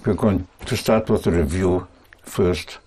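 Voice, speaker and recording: A man teaching a language lesson, speaking patiently and deliberately in short phrases. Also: sits low, dark tone, slight background noise.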